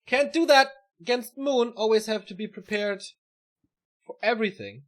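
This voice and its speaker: A man's voice: high voice, moderate pace, fairly bright tone. A man co-casting a live strategy game match, relaying results and announcements and teasing his partner. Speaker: esports co-caster.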